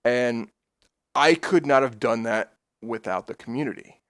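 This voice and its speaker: A man chatting casually on his stream, rambling and swearing freely, getting excitable as he tells stories. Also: mid-range voice, a little slow, no room sound, clean studio sound.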